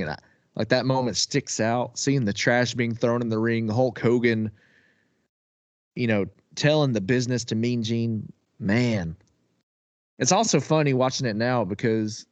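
A man co-hosting a casual podcast chat, excitable, laughing often and swearing casually. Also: medium pitch, moderate pace, no echo, dull audio. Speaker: podcast co-host.

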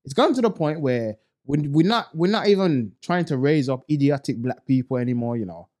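A podcast co-host with an animated, darkish voice rants bluntly and fairly quickly in a casual chat packed with street slang. He mocks others by putting on high, fake voices.

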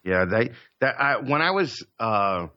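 A man's voice: mid-range voice, big pitch swings, unhurried, dry recording, muffled recording. A man telling stories in casual chat, profane and rambling, with stammered restarts.

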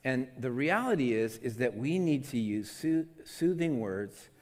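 A man's voice: medium pitch, animated, a little slow, darkish tone. Man preaching in a reverberant hall. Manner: earnest, conversational, many restarts. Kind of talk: devotional teaching.

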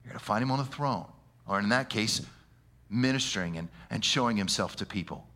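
A man preaching a sermon in an animated, conversational way, using slang and often stumbling over repeated words. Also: on the low side, fairly quick. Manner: animated, conversational, with slang and frequent stammered restarts.

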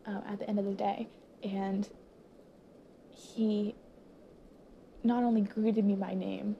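A teenage girl speaks to her viewers through tears, her voice choked and halting, often sinking into a whisper. Her tone is low in brightness and mellow, with a gravelly creak running through it. She pauses often, searching for words. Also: flat delivery, slight background noise. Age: late teens. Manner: halting, full of pauses and fillers, drops into whispers. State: teary, choked up. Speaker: high school student. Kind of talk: emotional personal monologue to viewers.

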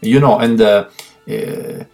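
A male guest violist, speaking English haltingly in an interview and searching for words. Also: on the low side, fairly even intonation, mellow, soft background music. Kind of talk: interview conversation.

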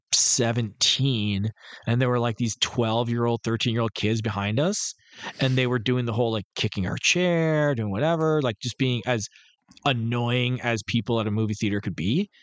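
A man in his thirties co-hosts a casual podcast and tells animated stories, breaking into laughter and acting out quotes. His voice sits in an ordinary middle range. The sound is dry and close, with no room around it. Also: mid-range voice, normal speed, no room sound. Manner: animated storyteller, acts out quotes, laughs often. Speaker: podcast co-host. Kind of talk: casual chat.

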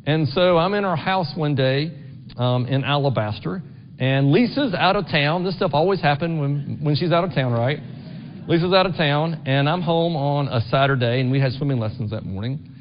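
A man's voice: fairly high pitch, moderate pace, slight background noise. A middle-aged man preaching a sermon in a church, talking conversationally and often asking the congregation "right?". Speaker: pastor. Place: church sanctuary. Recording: dull long-reverb church recording.

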